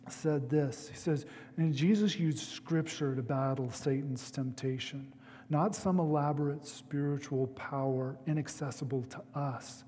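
A man's voice: mid-range voice, steady tone, measured pace, warm tone, slight background noise. Man preaching in a reverberant hall. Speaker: pastor. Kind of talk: sermon.

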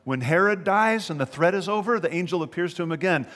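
A man preaching a sermon as pastor, animated and conversational, asking his listeners questions as he goes. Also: high voice, brisk, in a large hall.

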